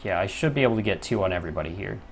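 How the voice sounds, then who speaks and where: A man's voice: low voice, expressive, racing, a little hiss or hum. A young man commentating his own gameplay, often frustrated, swearing and muttering to himself. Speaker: gaming YouTuber.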